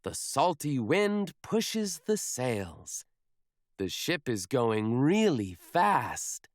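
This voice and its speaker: A man reading a children's picture book aloud in a slow, expressive storybook manner. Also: medium pitch, dry recording, clean studio sound.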